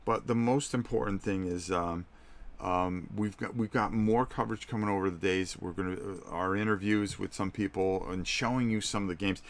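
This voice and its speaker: A man's voice: low-pitched, fairly even intonation, normal speed. A middle-aged man hosting a live stream, chatting casually and speaking directly to his viewers.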